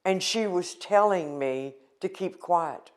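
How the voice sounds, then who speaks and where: A woman's voice: on the low side, takes it slowly, a little mellow. An older woman from the United States recounting a painful personal experience in an earnest, emotional interview.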